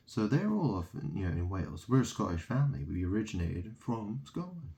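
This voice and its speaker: A man's voice: on the low side, very animated, fairly quick, warm tone. A man from England delivering a rambling solo monologue, ranting and mocking, swearing freely.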